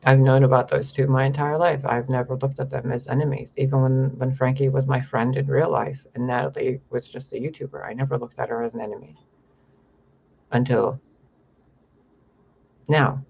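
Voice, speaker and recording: A man's voice: mid-range voice, level tone, moderate pace, vocal fry, lo-fi sound, slight background noise. A young man talking in a rambling, profane monologue to camera about his spiritual visions. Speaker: spiritual vlogger.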